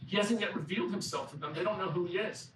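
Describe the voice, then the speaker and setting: A man's voice: high voice, quick pace, fairly bright tone, roomy sound, far from the mic, a little hiss or hum, low-quality recording. A man preaching a sermon, telling a story conversationally and acting out what the people in it say. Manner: conversational storytelling, acts out quoted characters.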